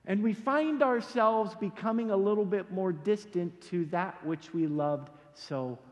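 Male pastor, high and very expressive voice, casual animated sermon, long hall reverb. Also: measured pace. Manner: casual, animated storytelling with slangy asides.

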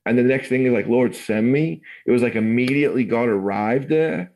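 A man's voice: medium pitch, quick pace, darkish tone, rough recording. An English man in his forties, telling his life story in a rambling, casual way full of fillers. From England. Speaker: guest. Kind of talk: casual testimony interview.

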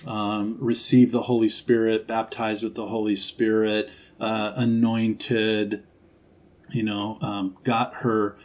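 A man speaking as an interview guest in a thoughtful, measured way, often restarting his sentences. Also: fairly low pitch, little pitch movement, a little mellow. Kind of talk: conversational interview.

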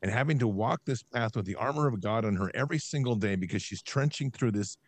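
A man's voice: medium pitch, fast, no room sound. A man hosting a podcast, talking in an impassioned, emphatic rant and reading scripture aloud. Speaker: host.

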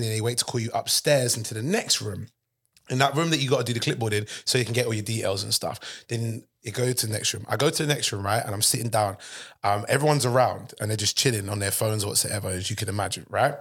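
A man's voice: mid-range voice, a bit bright. A man hosting a casual podcast, jokey and slangy, chipping in often and telling his own stories. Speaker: podcast host. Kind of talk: casual banter.

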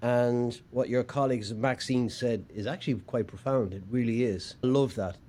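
A man's voice: mid-range voice, steady tone, moderate pace, dark tone, a little hiss or hum. A man hosting an interview, affirming his guest with short agreeing replies and asking questions. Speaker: podcast host. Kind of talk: interview conversation.

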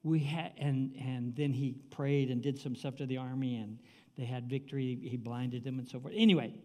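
A man's voice: mid-range voice, fairly even intonation, moderate pace, mellow. A man in his seventies preaching a sermon in a conversational, exclamatory way, with casual asides. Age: 70s. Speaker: pastor.

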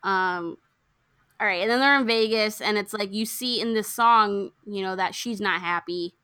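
A young woman casually recapping a film plot, acting out the characters' lines with lively swings. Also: mid-range voice, moderate pace, clear, resonant tone, no echo, clean studio sound. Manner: animated storyteller, acts out characters' lines. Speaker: podcast co-host recapping a film. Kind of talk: casual chat.

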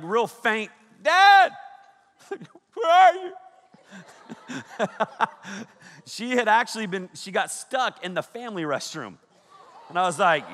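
A man in his thirties, a youth pastor preaching a sermon, telling stories with animated energy, shouting out quoted lines and laughing often. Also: a little high. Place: large hall with a big audience. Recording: echoey hall with long reverb.

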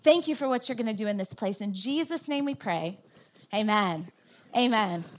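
A woman's voice: mid-range voice, lively intonation, moderate pace. A woman pastor delivering a sermon from a church stage, telling a story with animation and stressing her points with emphasis.

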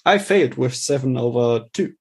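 A man's voice: mid-range voice, animated, moderate pace, breathy edge. A man playing a tabletop game, talking casually in a dry, wry way and laughing at his failed rolls. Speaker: player.

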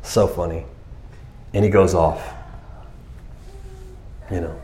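A pastor preaching a sermon tells the story with animated energy, acting out scenes in high, excited voices and laughing along the way. He speaks at a slow pace, and the sound is reverberant.

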